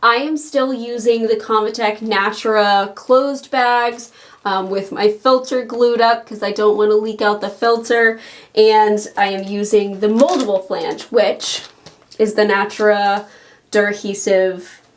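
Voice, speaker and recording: A woman's voice: medium pitch, fairly even intonation, a little slow. Chatty, slightly breathless woman vlogger. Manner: chatty, rambling, laughs often. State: a little out of breath. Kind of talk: casual chat to camera.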